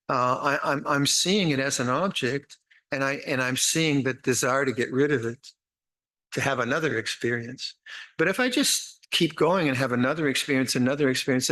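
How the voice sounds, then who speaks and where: An older man, a monastic teacher, giving an unhurried, reflective dharma talk with meditation instructions, often restarting phrases and adding gentle humor. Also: medium pitch. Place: retreat meditation hall.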